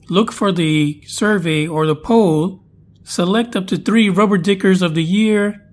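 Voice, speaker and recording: A man hosting a podcast in a casual, jokey, chatty way with playful asides. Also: high-pitched. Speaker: podcast host.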